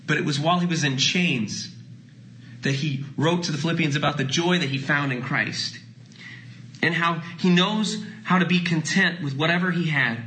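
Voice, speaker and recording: Bright-voiced man preaching a sermon. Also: on the high side, normal speed, low-quality recording. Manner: dynamic preaching, drops to soft hushed phrases. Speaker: pastor.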